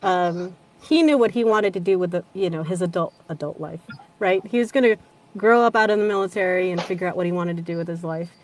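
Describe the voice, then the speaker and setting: A woman audiobook narrator chatting as a guest with a somewhat low voice, loose and chatty. She laughs easily and drops a casual swear now and then. A faint hiss sits under her voice. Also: fairly quick. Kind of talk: casual chat.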